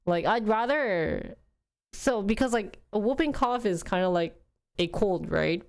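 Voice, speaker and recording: A young woman chatting casually on a livestream, rambling with frequent laughs and a voice going a little hoarse. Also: medium pitch, measured pace. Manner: chatty, rambling, laughs often, quotes family in lively bursts. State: losing her voice. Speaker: streamer.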